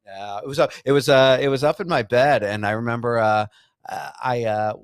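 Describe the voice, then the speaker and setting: A middle-aged man co-hosting a podcast, telling a crude story in a halting way, full of fillers and restarts. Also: mid-range voice, clear, resonant tone, no echo, studio quality. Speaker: podcast co-host. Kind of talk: crude casual chat.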